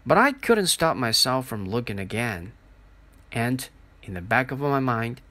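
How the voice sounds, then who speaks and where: A man reads a story aloud at an unhurried pace, his voice moving expressively up and down. The tone is bright and forward, and the recording is close and dry. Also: medium pitch, sing-song, no room sound. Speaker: narrator. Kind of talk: audiobook reading.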